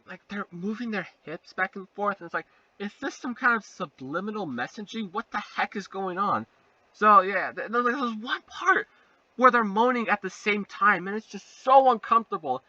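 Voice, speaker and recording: A young man giving a sarcastic comedic review, animated, jumping into silly voices. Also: high voice, dry recording, recorded from a distance. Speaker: video reviewer. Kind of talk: comedic fake review monologue. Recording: muffled voice, a bit off-mic.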